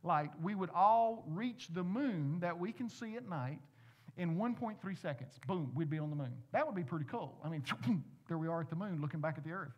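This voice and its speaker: A man's voice: a little high, expressive, normal speed, lo-fi sound. A man, a pastor, giving a conversational sermon, asking the congregation questions with playful asides.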